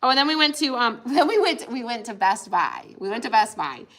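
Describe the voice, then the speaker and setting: While crafting on a livestream she co-hosts, this woman is a chatty storyteller who acts out plenty of quotes. Her fairly high, fairly bright voice is expressive and a little fast.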